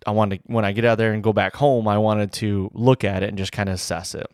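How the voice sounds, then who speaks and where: A man recounting a bowhunt in a casual, rambling and excited way, full of fillers like "you know". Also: lowish voice, fast, smooth, no echo, clean studio sound. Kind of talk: casual storytelling to camera.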